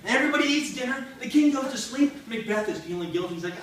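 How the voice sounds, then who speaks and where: A man's voice: high-pitched, fast, slight background noise. A man performing a comic one-man retelling of a play for a school class, jumping between playful voices. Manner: animated, jumps between character voices, playful. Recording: echoey classroom from far off.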